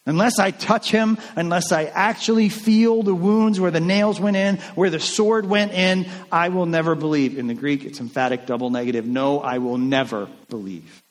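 A young man gives a sermon in a loose, conversational way and slips into lively voices for the people he quotes. His voice sits a little high for a man. The sound carries a long hall reverb. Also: moderate pace, few pauses. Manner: conversational and animated, acting out quotes. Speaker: pastor.

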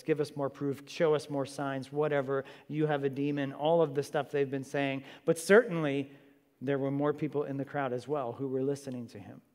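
A man's voice: high-pitched, a little mellow. Man preaching in a reverberant hall. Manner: earnest, conversational preaching with asides. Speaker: pastor. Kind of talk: sermon.

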